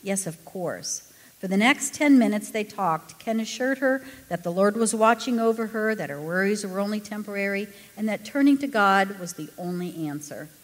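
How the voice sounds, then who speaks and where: A woman reading a true story aloud to a congregation, with expressive storytelling. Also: mid-range voice, moderate pace, hardly any pauses. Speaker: pastor's wife reading a story. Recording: echoey hall.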